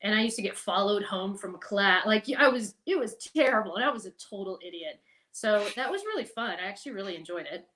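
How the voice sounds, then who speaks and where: A middle-aged woman, a podcast guest, telling stories in a casual, animated way, laughing and swearing now and then. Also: medium pitch, a little fast, slight background noise. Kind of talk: casual storytelling.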